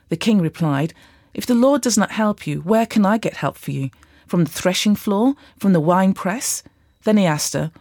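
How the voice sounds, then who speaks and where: A woman reading a Bible passage aloud in a measured way, lightly voicing the quoted speakers. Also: medium pitch, animated, a little mellow, dry recording, studio quality. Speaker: Bible reader. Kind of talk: scripted scripture reading.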